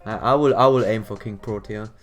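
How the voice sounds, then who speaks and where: A man's voice: lowish voice, a little fast, faint music behind. A man streaming a game, chatting casually in a rambling way, repeating words and laughing often. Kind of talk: casual live-stream chat.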